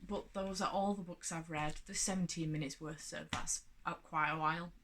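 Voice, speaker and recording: A woman's voice: sits low, steady tone, normal speed, noisy background. A woman vlogger talking casually and at length through her month of reading, rambling with lots of fillers and restarts. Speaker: book vlogger. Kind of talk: casual monthly book wrap-up chat.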